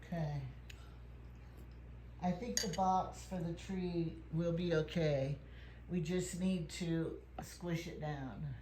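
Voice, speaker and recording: A woman chatting in her home kitchen, curious and gently bossy, asking many questions. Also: fairly low pitch, fairly even intonation, takes it slowly, slight background noise. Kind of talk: casual kitchen chat.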